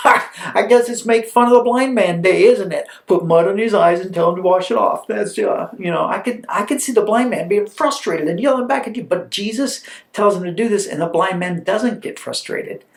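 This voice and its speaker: A man preaching a storytelling sermon, animated and conversational, with chatty asides. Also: high-pitched, normal speed, gravelly. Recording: roomy echo.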